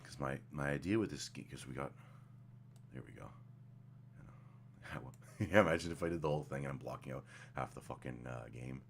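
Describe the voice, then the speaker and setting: A man's voice: rumbling low, brisk, pauses often, slight background noise. A man casually commenting while streaming a game, rambling and swearing, with mumbled asides, speaking into a desk microphone.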